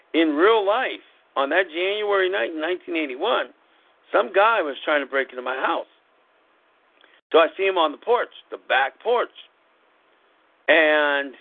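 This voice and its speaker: A man's voice: fairly high pitch, no room sound. A middle-aged man hosting a podcast, telling a story in a casual, rambling way and correcting himself as he goes. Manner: rambling, self-correcting, chatty. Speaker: podcast host. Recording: tinny phone-like sound.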